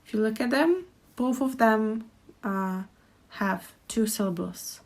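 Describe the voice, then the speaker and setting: A woman's voice: mid-range voice, a little slow. A woman teaching a pronunciation lesson, speaking carefully and repeating each phrase so learners can practice. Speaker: Czech language teacher.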